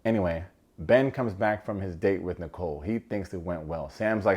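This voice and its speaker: Male show reviewer, slightly low voice, casual, wisecracking recap delivery. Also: normal speed, a little mellow, breathy edge. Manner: sarcastic, joking asides.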